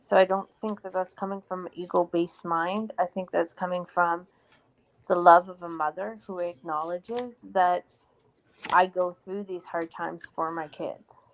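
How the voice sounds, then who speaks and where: A woman's voice: on the low side, steady tone, measured pace. A woman co-hosting a live stream, talking in an earnest, reflective way and answering viewer comments. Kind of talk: casual live-stream chat.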